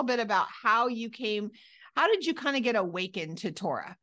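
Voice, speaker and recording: A woman hosting an interview who reads a guest introduction and then greets her guest with excitement. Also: a little high, moderate pace. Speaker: podcast host.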